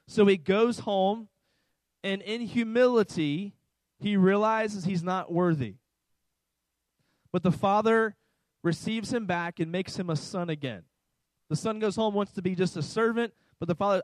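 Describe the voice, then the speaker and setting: A man's voice: high voice, a little slow, no room sound, poor audio. A man preaching a sermon to a congregation, emphatic and repeating key lines for his listeners. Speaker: pastor. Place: church service with slides.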